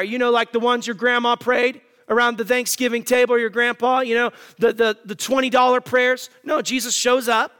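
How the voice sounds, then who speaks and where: A man's voice: very high voice, fairly even intonation, a little fast, hardly any pauses, sharp tone, clean tone, big-room sound. A male pastor preaching a sermon to his congregation, emphatic and full of rhetorical questions.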